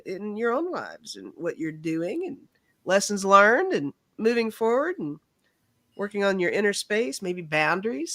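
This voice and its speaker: A woman's voice: a little high, a bit bright, dry recording. A woman hosting a tarot livestream, talking in a laid-back, chatty way as she explains the cards she has drawn. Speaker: tarot reader and livestream host. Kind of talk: casual livestream chat and card reading.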